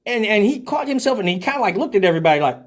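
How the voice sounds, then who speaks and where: Give me an animated man host telling stories with a lively, swooping pitch. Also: rapid-fire. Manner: animated, profane, laughs often. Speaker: host of a live call-in show. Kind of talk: casual storytelling.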